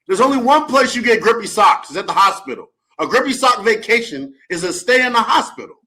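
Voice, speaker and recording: Animated, lively teasing male co-host. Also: high voice, fairly quick. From United States. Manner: animated, teasing, exaggerated outbursts. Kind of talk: casual sports radio banter.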